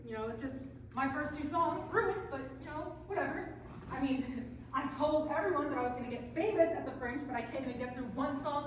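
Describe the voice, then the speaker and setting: A woman acting out a put-upon young Cinderella in a stage farce, high-voiced and theatrical, playing up her suffering with mock cheer. She is heard from far across a very echoey hall, with room noise clearly behind her. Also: close to an everyday voice. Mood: sarcastic. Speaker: stage actor. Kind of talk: live stage comedy.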